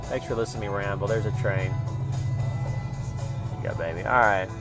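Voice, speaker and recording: Guy rambling into his phone, swears a lot, gets loud then mumbles, music going behind him. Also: on the low side, fairly quick. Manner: rambling, profane, swings between loud bursts and mumbling. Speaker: vlogger. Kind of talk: rambling casual vlog. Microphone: phone camera. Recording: music playing in the background.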